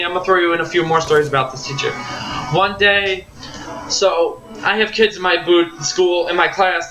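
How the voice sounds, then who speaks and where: A young man tells a long story about his school days in a rambling, heated way, often stumbling and restarting. His voice sits a bit high with a bright, tense edge. The room echoes and faint music plays behind him. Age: young adult. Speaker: vlogger telling a story. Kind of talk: casual storytelling.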